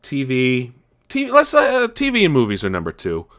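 A Californian man rambles through his own casual solo podcast, stammering, restarting often, and swearing bluntly. His medium-pitched, slightly bright voice swoops wildly up and down at a normal speed.

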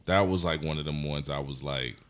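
A man's voice: a bass voice, brisk. A tipsy man, a comedian, telling loose, profane stories in a casual podcast chat. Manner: loose, profane storytelling with animated outbursts. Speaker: comedian guest.

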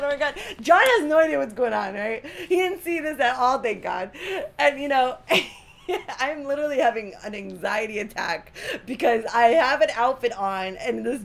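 A woman's voice: high voice, creaky. A woman in her thirties co-hosting a casual wellness talk, telling stories animatedly with gasps, laughs and acted-out quotes. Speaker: co-host of a wellness product talk. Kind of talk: casual storytelling chat.

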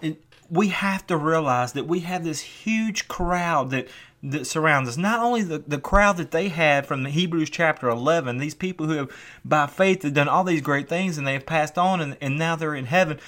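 A man with a somewhat high voice delivers a sermon in an earnest, building way. He often repeats words as he presses his point. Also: normal speed, a bit bright. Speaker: preacher.

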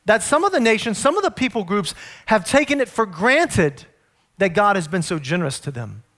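Middle-aged male pastor, higher register, earnest storytelling sermon delivery. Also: sing-song, a bit bright. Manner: earnest, storytelling preacher, slows to stress points.

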